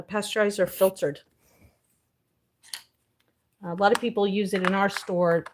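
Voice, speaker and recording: A woman's voice: fairly low pitch, a little hiss or hum. A woman livestreaming casual chat from her home garden, talking to her plants by name and filming on a handheld phone. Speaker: livestream host.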